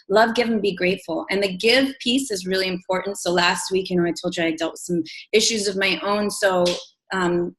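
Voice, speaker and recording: A woman giving a motivational talk to her team, chatty and animated, with many fillers and acted-out quotes. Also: medium pitch, moderate pace, low-quality recording. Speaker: coach speaking to her sales team.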